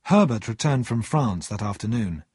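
A man reading a story aloud as narrator, measured and expressive. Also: lowish voice, breathy edge, no room sound.

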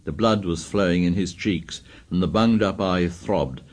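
A man narrating a novel in a measured, steady storytelling manner. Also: sits low. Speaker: audiobook narrator. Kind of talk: scripted narration.

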